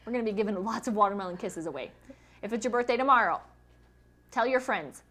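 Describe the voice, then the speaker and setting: A woman's voice: medium pitch, expressive, fast, fairly bright tone, slight background noise. A woman hosting a casual live stream, chatty and giggly as she greets viewers and runs a giveaway. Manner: chatty, giggly, reads viewer comments aloud. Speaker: livestream host.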